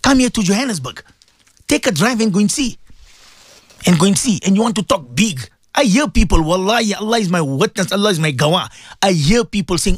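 Fervent preacher, high and lively. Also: male voice, a little fast, no echo. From South Africa. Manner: fervent, pleading, repeats phrases for emphasis. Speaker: Muslim cleric hosting a radio show. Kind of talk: impassioned radio sermon.

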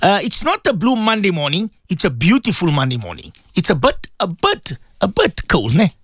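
A man hosting live radio, his pitch leaping about with lively energy as he preaches warmly to his listeners. His voice sits fairly high for a man, and the studio sound is close and dry. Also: normal speed, slightly rough, no room sound. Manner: warm, preachy, animated, addresses listeners often. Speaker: radio host. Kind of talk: casual live radio talk.

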